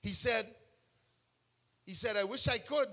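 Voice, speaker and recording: A man preaching a sermon testimony, telling the story with animation, bursting into shouts and acting out what others said. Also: very high voice, a little slow, vocal fry. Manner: acts out other people's words in quotes.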